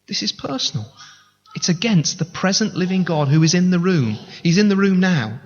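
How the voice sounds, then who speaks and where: A male pastor preaches in an earnest, conversational way, turning often to direct appeals to the congregation. His voice sits a little higher than most men's, and it carries a long reverb from a church hall. The recording sounds somewhat dull and lo-fi. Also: lively intonation, fairly quick. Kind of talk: sermon. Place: church sanctuary.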